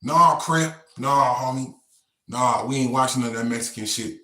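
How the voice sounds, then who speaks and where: Brief: skinny hotheaded inmate, street talk, pitched up and loud, put on by a man storyteller, echoey room. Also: normal speed, close to an everyday voice. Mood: defiant. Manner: defiant, threatening.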